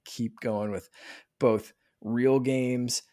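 Excited, rambling man in casual chat. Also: mid-range voice, drawn-out words. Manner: rambling, excited, many restarts.

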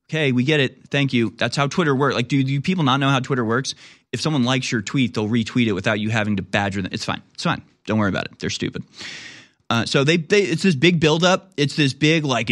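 A man's voice: mid-range voice, fast talker, a bit bright. A man hosting a commentary show, reacting to online posts in a sarcastic, incredulous way. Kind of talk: mocking political commentary.

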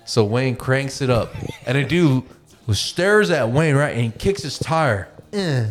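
A man hosting a podcast and telling a long, animated story, swearing freely and acting out the voices of the people in it. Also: mid-range voice, measured pace, faint music behind. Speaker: podcast host. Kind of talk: casual storytelling.

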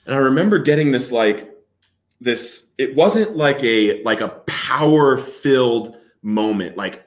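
Male guest, earnest and halting storyteller, mid pitch, echoey room sound. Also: lively intonation. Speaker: interview guest. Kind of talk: personal recovery story.

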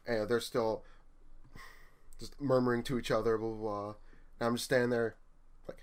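A man's voice: mid-range voice, moderate pace, long pauses. A young man, a store manager, telling work stories in casual chat and acting out what people said. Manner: animated storyteller, acts out quotes.

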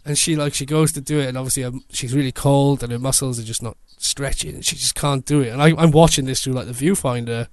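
Animated man telling a story. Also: mid-range voice, fast talker, few pauses, no echo. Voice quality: animated, laughs often. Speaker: photographer guest. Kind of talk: casual storytelling.

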